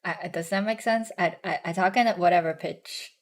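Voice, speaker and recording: A young woman streamer chatting casually with a hoarse, strained voice, stumbling over restarts and fillers. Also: on the low side. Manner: halting, many restarts and ums, self-conscious.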